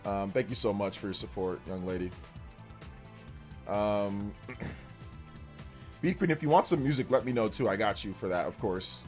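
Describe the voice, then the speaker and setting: A man's voice: lowish voice, measured pace, pauses often, soft background music. A man hosting a gaming livestream, talking loosely and rambling as he thanks viewers by name. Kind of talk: casual livestream chat.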